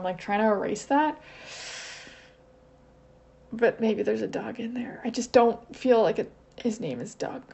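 Her voice is slightly high and darkish, with noticeable vocal fry, as this woman channels alone in a relaxed, tentative way. She muses aloud and questions herself along the way. The audio is lo-fi and a bit dull, carrying a faint hiss.

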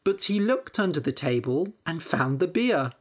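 A woman narrating a fairytale slowly and clearly for English learners. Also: deep voice. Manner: slow and expressive. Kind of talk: slow, clear storybook narration.

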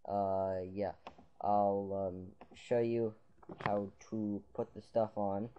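A man's voice: lowish voice, little pitch movement, slow, a little hiss or hum. A man talking viewers through a computer tutorial in a loose, rambling way, full of "um"s, "uh"s and restarts. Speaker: tutorial maker. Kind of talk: casual screen-capture tutorial. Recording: dull lo-fi sound.

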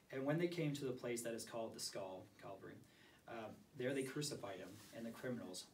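A man with a hoarse voice giving a sermon to a small group, reading scripture aloud and asking for volunteers. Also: medium pitch. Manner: asks the group questions, reads scripture aloud. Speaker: preacher. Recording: distant mic with faint background noise.

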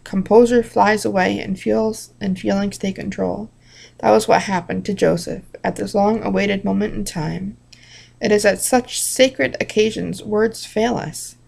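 Woman, gravelly voice, devotional reading, unhurried, personal asides. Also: mid-range voice, steady tone, a little mellow. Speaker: reader of a devotional book. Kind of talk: reading a Bible devotional aloud.

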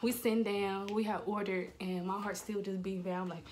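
A young woman telling a story on her vlog at a middle pitch, acting out every quote with lively energy. A faint noise sits behind her voice. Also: brisk, few pauses. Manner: animated, acts out quotes. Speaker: vlogger.

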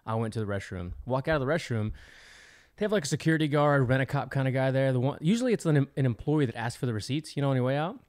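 Male podcast co-host, brisk and chatty. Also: mid-range voice, animated, a little mellow. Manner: quick rambling anecdote-telling with self-corrections. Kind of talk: casual podcast chat.

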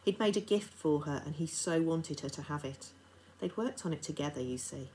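A woman reading aloud, voicing a stern aristocratic lady who is also a grieving mother, commanding at first and then strained and halting. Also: low voice, dark tone, a little hiss or hum, natural voice, rough recording. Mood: grave.

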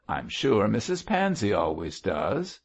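A man's voice: lowish voice, huge pitch swings, unhurried, vocal fry, breathy edge, full character voice. A man reading an audiobook voices an outspoken little old woman, tart and blunt. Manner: tart, speaks her mind. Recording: dull lo-fi audio.

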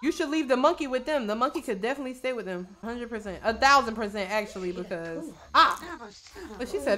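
A young woman commentating her own gameplay casually, brash and profane, shouting at the game. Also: a little high, expressive, fast. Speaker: gaming video host. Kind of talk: casual let's-play commentary.

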